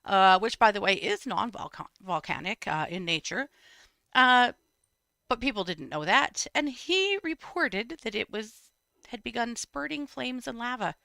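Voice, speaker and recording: A woman's voice: a little high, expressive, measured pace, gravelly, bright, forceful tone, dry recording, clean studio sound. A woman co-hosting a casual true crime chat show, telling stories in a wry way. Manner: storytelling, wry, frequent "mm-hmm". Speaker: podcast co-host.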